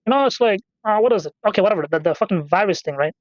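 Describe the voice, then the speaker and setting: A man's voice: high-pitched, expressive, racing, hardly any pauses, no echo, lo-fi sound. A man casually rambling through profane, off-topic stories while commenting on a game he is playing. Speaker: gaming channel host.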